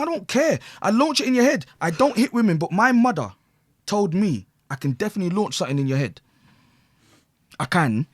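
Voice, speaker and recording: A middle-aged man, a podcast guest, telling a story loudly, swearing, acting out the people he quotes and laughing often. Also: very high-pitched, no room sound, clean studio sound. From England. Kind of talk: animated storytelling.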